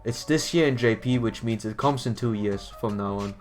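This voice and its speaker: A man's voice: lowish voice, moderate pace, faint music behind. A man streaming a game, chatting casually in a rambling way, repeating words and laughing often. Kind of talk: casual live-stream chat.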